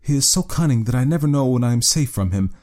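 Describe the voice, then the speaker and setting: A man reading an audiobook, voicing an anxious young woman client in a high, breathless voice. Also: lively intonation, fast, darkish tone, natural voice.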